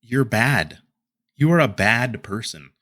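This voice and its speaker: A man's voice: medium pitch, animated, takes it slowly, bright, forceful tone, no room sound. A man delivering heated commentary as a YouTuber, ranting and trading insults.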